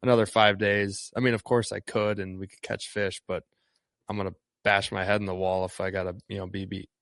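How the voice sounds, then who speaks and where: A man from Northeast Wisconsin with a lowish voice, chatting loosely about his guiding work, full of ums and false starts. The sound is dry and close, with no room around it. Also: brisk, no echo. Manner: relaxed, rambling, lots of ums and restarts. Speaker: fishing guide. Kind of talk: casual interview chat.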